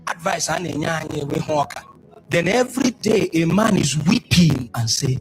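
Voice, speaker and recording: A Nigerian man preaching his point with passion, his voice high-pitched and wildly animated. He swings between loud emphatic bursts and hushed asides. Faint music plays underneath. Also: moderate pace, rough recording. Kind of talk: impassioned public speech.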